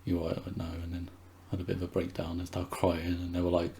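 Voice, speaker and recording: A man being interviewed, talking candidly and haltingly with many restarts. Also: low voice, monotone, mellow, slight background noise. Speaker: interview guest. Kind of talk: candid conversation.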